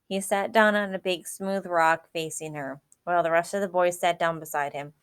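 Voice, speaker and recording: A woman reading a children's chapter book aloud as narrator in a clear, even manner. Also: fairly low pitch, normal speed, hardly any pauses, dry recording, clean studio sound. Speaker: audiobook narrator. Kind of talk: scripted storybook narration.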